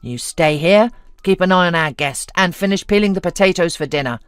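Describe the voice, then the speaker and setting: A woman's voice: fairly low pitch, a little fast, clean tone, dry recording, clean studio sound, soft background music, natural voice. A woman voicing a stern, protective young man scolding his sister.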